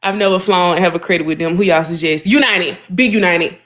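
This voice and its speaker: A woman co-hosting a podcast, telling a story in a casual, animated way, exasperated and speaking. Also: fairly low pitch, brisk. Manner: animated, addresses listeners as y'all, vents with exasperation. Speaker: podcast co-host.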